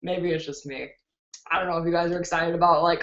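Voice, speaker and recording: A woman from Chicago hosting a beauty live stream, excitedly reading out viewer comments from her computer on a webcam. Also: lowish voice, fast talker. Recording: roomy, dull lo-fi webcam sound.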